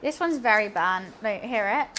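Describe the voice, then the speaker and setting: A woman's voice: mid-range voice, expressive, normal speed, sharp tone, a little hiss or hum. A young woman chatting casually while cleaning and cooking in her home kitchen, rambling and humming to herself. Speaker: streamer.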